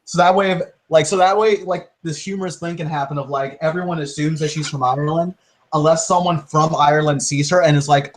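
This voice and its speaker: A man playing a tabletop role-play game, excitable and quick to swear. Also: on the high side, rough recording. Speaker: player. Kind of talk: casual tabletop chat.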